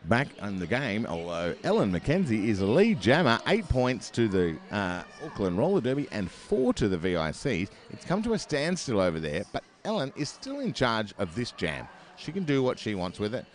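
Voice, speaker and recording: His pitch swoops wildly around a fairly low base as this Australian man commentates live on roller derby, speaking at normal speed with hardly any pauses. Heard through a headset, he's chatty and rambling, packed with fillers and self-deprecating remarks.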